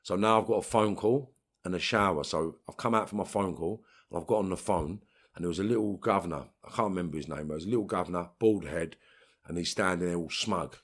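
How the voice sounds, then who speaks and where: A man's voice: sits low, fast talker, husky. A man with a London accent, talking bluntly and streetwise in an interview, with bursts of swearing. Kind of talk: storytelling interview.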